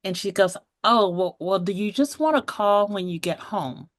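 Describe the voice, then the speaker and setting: A woman in her forties telling her own story as a podcast guest, lively, laughing often and acting out the voices of people she quotes. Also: medium pitch, moderate pace, no room sound, studio quality. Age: 40s.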